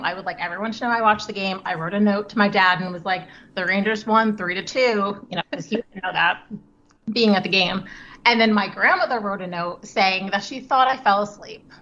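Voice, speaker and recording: Bright and forceful, this mid-range female voice moves at normal speed as a woman in her thirties chats candidly and warmly as a podcast guest. The audio is dull lo-fi with slight background noise.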